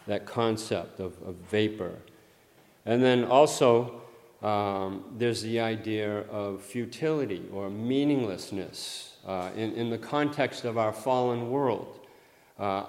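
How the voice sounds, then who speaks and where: A man delivering a sermon, halting and repeating words, with a louder voice whenever he quotes scripture. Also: fairly low pitch. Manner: halting, repeats words often, swells in volume on quoted verses. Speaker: preacher. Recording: long hall reverb.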